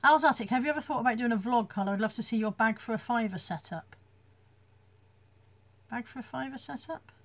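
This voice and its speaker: A chatty British woman with a slightly raised pitch, talking casually into a phone. She reads out viewer comments one after another and laughs easily between them. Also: brisk, pauses often. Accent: British English. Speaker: online reseller hosting a live chat. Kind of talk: casual live-stream chat.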